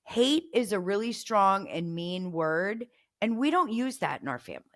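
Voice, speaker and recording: A woman's voice: mid-range voice, sing-song, normal speed. Woman hosting a parenting podcast. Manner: warm coaching tone, acts out example phrases. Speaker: podcast host.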